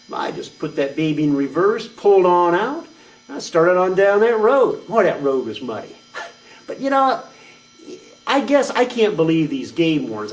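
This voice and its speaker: On a small venue stage, a man with a slightly high voice performs a comedic monologue as a boastful, reckless redneck trucker, lightly acted and rambling in a crude, folksy way. It's captured on a distant mic at an open mic night.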